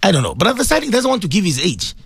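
A middle-aged man from South Africa presenting a radio show, chatting warmly with listeners and reading out their messages with frequent laughs. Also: high voice, huge pitch swings, fast talker, creaky, breathy edge, no echo, studio quality. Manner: chatty, affectionate, laughs often.

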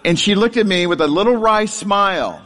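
A man's voice: sits high, expressive, a little fast, a bit bright. Man telling a humorous testimony in a reverberant hall. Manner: self-deprecating humor, laughs through lines. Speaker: speaker sharing a testimony. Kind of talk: storytelling sermon to a live audience.

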